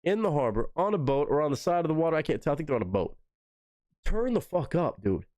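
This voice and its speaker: Excitable man reacting to music. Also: fast, dry recording. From Texas. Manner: excitable, swears freely, big swings in pitch. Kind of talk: live reaction commentary.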